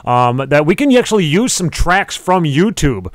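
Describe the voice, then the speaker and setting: Lively jokey podcast host. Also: male voice, fairly high pitch, normal speed, dry recording, studio quality. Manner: lively, jokey, plugs the show. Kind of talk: casual chat. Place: small podcast studio.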